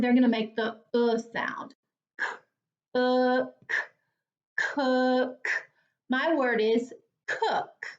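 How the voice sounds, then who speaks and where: Woman teacher, phonics lesson for young kids, high voice, very slow and clear, dull lo-fi recording. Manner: slow, clear, encouraging, over-articulated.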